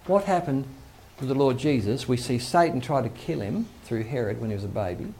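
A man's voice: mid-range voice, lively intonation, brisk, dark tone. A male pastor giving a conversational sermon, acting out quoted voices, with faint background noise.

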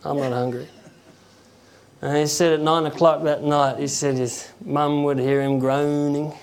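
Man, conversational preacher, halting delivery, acts out stories. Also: fairly high pitch, little pitch movement, clean tone. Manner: conversational, halting, with chuckles and acted quotes. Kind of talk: informal sermon.

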